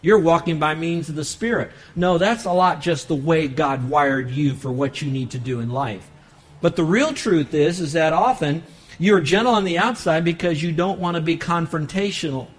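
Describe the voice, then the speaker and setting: A pastor preaching a sermon in a church, emphatic and rising into loud bursts, then softening into a quiet prayer. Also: male voice, on the high side, moderate pace, poor audio.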